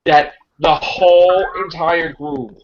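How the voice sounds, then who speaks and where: A man's voice: fairly high pitch, steady tone, takes it slowly, a little hiss or hum. Ranting man on a muffled recording. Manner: ranting, exasperated, mocking impressions. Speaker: podcast host. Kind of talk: casual fan podcast chat. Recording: muffled lo-fi sound.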